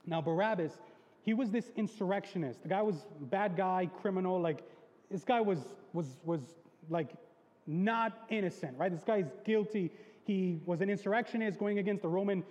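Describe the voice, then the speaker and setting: A man preaching a casual, chatty sermon as pastor, repeating words and using slang, a little hoarse from losing his voice. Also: high voice, normal speed, darkish tone, big-room sound. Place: church sanctuary.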